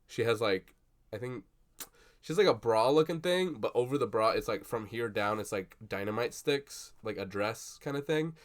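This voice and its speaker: A young man chatting casually at his desk about a film he just saw, rambling and swearing with lots of fillers and excited bursts. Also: medium pitch, normal speed. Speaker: vlogger. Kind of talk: casual movie reaction chat. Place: at a desk indoors. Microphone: computer webcam.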